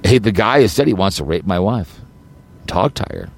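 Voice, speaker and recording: A man hosting his own podcast goes on an agitated, rambling rant, repeating himself and stumbling through restarts. His voice is lowish with lively intonation at a moderate pace.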